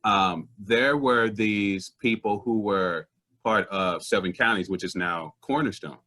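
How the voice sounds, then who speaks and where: A man speaking as a guest comedian, earnest and indignant as he tells true stories. His voice sits low yet rings bright and forceful. He slips easily into voices for the people he describes. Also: measured pace. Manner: animated, acts out other people's voices in stories; earnest and indignant about social issues. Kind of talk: conversational storytelling.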